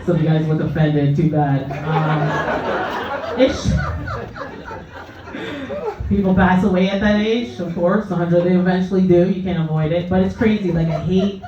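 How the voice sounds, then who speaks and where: A woman's voice: on the low side, steady tone, normal speed, long pauses, noisy background. A woman doing a stand-up comedy set, brash, crude and self-mocking. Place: comedy club stage. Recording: echoey club from far off, dull, crowd.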